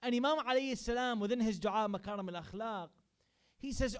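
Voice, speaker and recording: A man's voice: sits high, a little fast, smooth. A man giving a sermon at a religious gathering, earnestly recounting stories with quoted speech. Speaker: majlis speaker. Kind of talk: sermon storytelling. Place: religious center hall.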